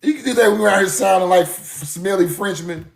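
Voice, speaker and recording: A man's voice: high-pitched, a little fast, gravelly, reverberant. A man, talking casually and mockingly in a profane rant to his audience. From US South. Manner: animated, laughing, mocking, profane.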